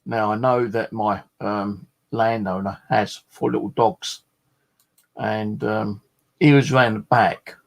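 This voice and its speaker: A man's voice: fairly low pitch, fairly even intonation, takes it slowly, gravelly. A man chatting casually in a vlog, a rambling storyteller full of fillers and the odd swear word. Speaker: vlogger.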